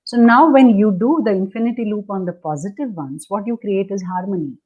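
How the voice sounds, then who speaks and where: A woman's voice: medium pitch, a little fast, phone-quality sound. A woman coaching on relationships, dictating step by step over a video call and acting out the attitudes she describes. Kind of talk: instructive conversation.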